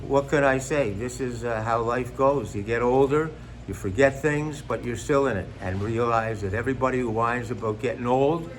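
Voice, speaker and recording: A man's voice: mid-range voice, normal speed, a little hiss or hum. An older man, a stand-up comedian, chatting casually and jokily in an interview, rambling with many asides. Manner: rambling, jokey, full of fillers and asides.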